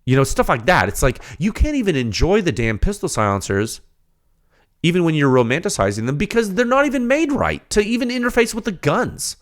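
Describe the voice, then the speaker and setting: On a technical podcast, a high-pitched male host rants animatedly, firing off rapid rhetorical questions before calming down to walk through the data.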